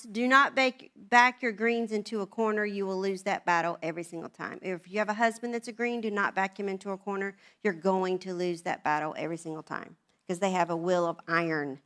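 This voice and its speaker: Chatty woman telling stories. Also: mid-range voice. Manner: animated, chatty storytelling. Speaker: women's event speaker. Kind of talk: humorous personal talk.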